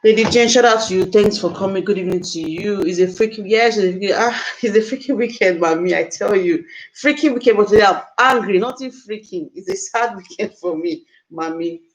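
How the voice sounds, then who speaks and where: A woman's voice: mid-range voice, fairly quick, muffled recording. A woman hosting a live stream, talking to viewers in a distressed, emotional, exclaiming way. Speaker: livestream host.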